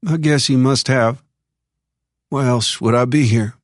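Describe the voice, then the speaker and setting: A man voicing a calm, enigmatic preacher with a Texan accent who talks slowly and draws out his vowels. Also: mid-range voice, dry recording, studio quality, pitched above the performer's own voice, close to an everyday voice. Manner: slow, measured, drawn-out vowels.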